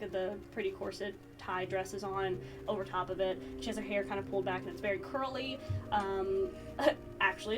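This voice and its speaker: A woman narrating as game master, rambling and laughing as she describes the scene. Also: medium pitch. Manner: rambling, giggly. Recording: distant mic with music behind.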